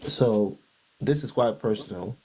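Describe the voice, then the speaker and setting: A man's voice: fairly low pitch, a little slow, warm tone, slight background noise. A man sharing a personal faith story in conversation, reflective and a bit hesitant. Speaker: guest.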